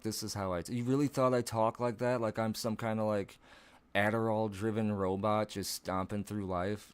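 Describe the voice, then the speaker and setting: Laid-back man with a low voice. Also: smooth. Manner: profane, rambling, laid-back. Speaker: YouTuber. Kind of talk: casual vlog chat.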